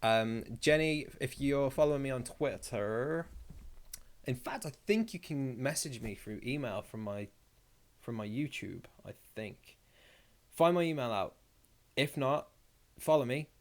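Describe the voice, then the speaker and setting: A young man hosts a casual live stream in a mid-range, animated voice at a measured pace. He reads viewer comments aloud and rambles through replies with jokey asides.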